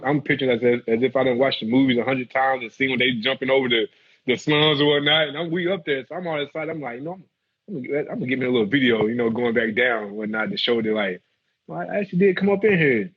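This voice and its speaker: A man telling a story casually, animated and laughing, acting out the people in it. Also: medium pitch, husky, muffled recording. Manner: animated, laughs, acts out quotes. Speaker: guest, former football player.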